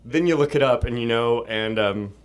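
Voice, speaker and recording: A man being interviewed as a voice actor, talking fast and excitedly, laughing often and acting out quotes. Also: mid-range voice. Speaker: voice actor guest. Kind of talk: casual interview chat. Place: convention room.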